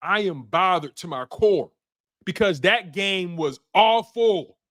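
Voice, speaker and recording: A man hosting a sports show on a livestream, worked up and emotional, repeating himself and swinging into shouts while he reacts to viewer chats. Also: sits high, lively intonation, slow. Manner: heated, repetitive, swings to shouting.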